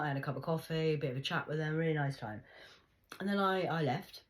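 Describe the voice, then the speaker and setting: A woman's voice: sits low, quick pace, poor audio. A middle-aged woman telling a rambling personal story in a blunt, casual monologue, swearing freely. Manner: acts out quoted dialogue in lively voices. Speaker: vlogger.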